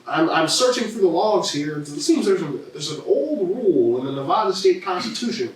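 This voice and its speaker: A man putting on the voice of a fussy official combing through old records, with a slow, drawn-out, officious delivery. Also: high-pitched, very animated, pitched above the performer's own voice. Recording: roomy echo, distant mic.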